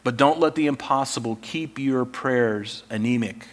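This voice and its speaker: A male pastor preaching a sermon in a conversational, animated storytelling way. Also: mid-range voice, normal speed.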